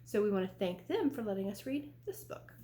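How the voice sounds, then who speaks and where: Animated woman reading a kids' storytime. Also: mid-range voice, fairly quick, slight background noise. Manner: animated, playful, talks to the kids with questions. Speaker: children's librarian. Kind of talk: children's storytime read-aloud. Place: library room. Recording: roomy echo.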